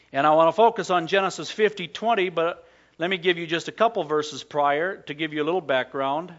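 A male pastor with a notably high voice preaches to his congregation in a folksy, conversational way. He asks them questions and slows down to read scripture deliberately. The church recording sounds dull and lo-fi. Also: fairly bright tone. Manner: reads scripture slowly and deliberately. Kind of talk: sermon.

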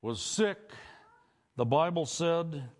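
Preaching in church, a male pastor addresses the congregation head-on, putting questions to them and trading call-and-response. He talks slowly in an animated, slightly high voice.

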